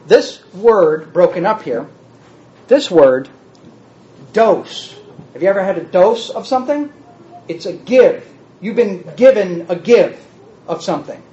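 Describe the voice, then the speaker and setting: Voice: mid-range voice, expressive, measured pace, long pauses, warm tone. Preacher teaching from the pulpit, lots of rhetorical questions, echoey room, kinda muffled. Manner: asks the listeners many rhetorical questions; plays with word meanings in a teacherly way. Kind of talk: sermon teaching on a psalm. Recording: dull roomy sound from a hall.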